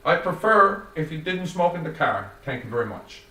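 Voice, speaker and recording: An earnest, easily puzzled young fellow in the passenger seat, polite and eager with his questions, as a male storyteller puts him on. His voice sits well above the reader's own, high and a little strained. It is caught from a distance in a roomy space, with faint noise underneath. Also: big pitch swings, normal speed, sharp tone.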